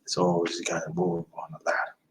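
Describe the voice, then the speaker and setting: A man's voice: low-pitched, completely flat delivery, fast talker, husky, low-quality recording. A man in his fifties hosting a livestream, giving an emphatic, repetitive motivational talk. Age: 50s. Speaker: livestream host.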